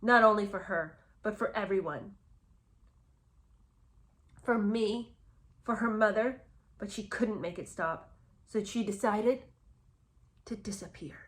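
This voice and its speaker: A woman's voice: medium pitch, slow, pauses often, a bit bright. A woman giving sarcastic, incredulous commentary while reading from a memoir. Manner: scornful, incredulous, emphatic.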